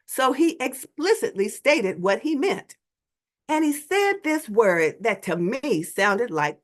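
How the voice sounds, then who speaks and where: A woman tells a story to an audience in a dramatic, animated way. Her voice sits a little high and swoops widely in pitch, with vivid emphasis. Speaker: invited speaker. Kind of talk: storytelling talk.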